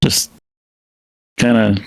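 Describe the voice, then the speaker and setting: A man's voice: extremely slow, no echo. A man playing a tabletop game in a playful, self-mocking way, giggling often. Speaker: player. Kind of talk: tabletop role-play.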